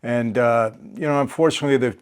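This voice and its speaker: An older man hosting a casual interview, talking haltingly with many fillers and restarts. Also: mid-range voice, steady tone, smooth. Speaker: host.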